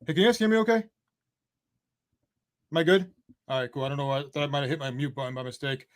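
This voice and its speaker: A man reviewing films on a live online panel, blunt and profane, pausing often as he talks over a video call. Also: a little high. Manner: blunt and profane, with halting pauses.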